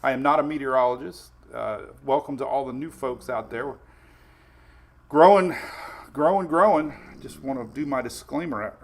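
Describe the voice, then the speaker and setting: A man's voice: medium pitch, normal speed. Chatty man hosting a livestream. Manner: chatty, laughs often, talks to his dogs. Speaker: host of a weather livestream. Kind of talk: casual livestream chat. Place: home with dogs around.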